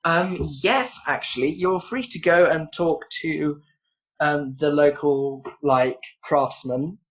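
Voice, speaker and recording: A woman's voice: deep voice, slow pace. A woman narrating as game master, rambling with fillers and giggles.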